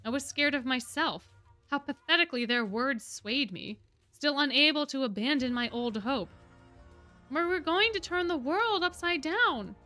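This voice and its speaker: A woman's voice: sits high, lively intonation, moderate pace, pushed and bright, faint music behind. A woman reading a brooding, defeated young lion beastman prince in a weary inner monologue from a novel. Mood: bitter, brooding.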